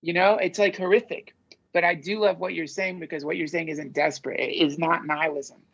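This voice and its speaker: A man's voice: a little high, steady tone, a little fast, creaky, fairly bright tone, dull audio. A man guest on a podcast, rambling and swearing as he searches for words in casual conversation.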